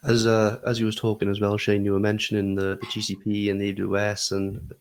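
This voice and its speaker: A man's voice: fairly low pitch, completely flat delivery, brisk, clean tone. A man co-hosting a podcast, speaking in a thoughtful, slightly hesitant way. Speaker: podcast co-host. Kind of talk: casual podcast conversation.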